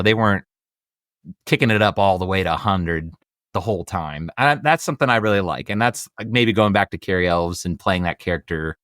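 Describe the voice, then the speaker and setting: Male podcast host, lower pitch, loose rambling delivery, dry recording. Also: a bit bright, no room sound. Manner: rambling, repeats himself, hands off questions. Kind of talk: casual chat.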